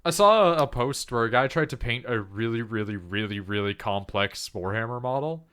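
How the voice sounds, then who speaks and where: A male streamer chats casually over gameplay at an ordinary pitch. He gets animated and laughs easily, and he breaks into quick impressions of the characters. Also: smooth. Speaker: game streamer.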